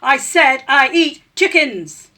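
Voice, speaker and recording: A woman's voice: sits high, very animated, normal speed, sharp tone, slightly rough, pitched above the performer's own voice, exaggerated voice. A woman doing a blustering, boastful rat. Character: boastful hungry male rat, self-important.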